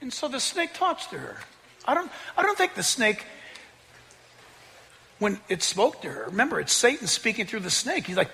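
Male preacher, lively and conversational, high and animated, with a long hall echo. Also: creaky, a little hiss or hum. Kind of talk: sermon.

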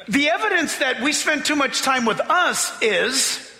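High-voiced emphatic preacher in a hall. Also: male voice, animated, pushed and bright. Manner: emphatic, slows down to read scripture, mimics voices for illustration. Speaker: pastor. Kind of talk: sermon.

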